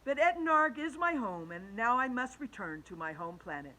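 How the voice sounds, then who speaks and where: A woman reading a storybook and voicing a gentle, kindly male alien teacher in an earnest tone. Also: fairly high pitch, big pitch swings, normal speed, pitched above the performer's own voice, low-quality recording. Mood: tender.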